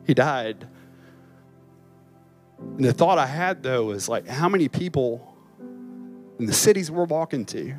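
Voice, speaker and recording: A man's voice: mid-range voice, animated, a little slow, pauses often, darkish tone, soft background music. A man, a campus pastor, preaching a chapel sermon and telling a story with emotion, at times crying. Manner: emotional storytelling, voice rising and breaking.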